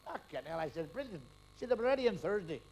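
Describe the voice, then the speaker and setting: A man's voice: high-pitched, big pitch swings, heavy background noise. A middle-aged man doing a stand-up comedy routine on a live stage, firing off crude jokes one after another and laughing at his own gags. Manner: rapid-fire joke telling with crude punchlines, laughing at his own gags.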